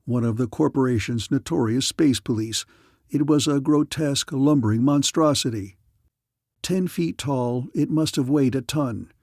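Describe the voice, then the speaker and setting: A man narrates a science fiction audiobook dramatically and at a measured pace, in a middle-pitched voice with a darkish tone. The recording is dry and close, with no room sound.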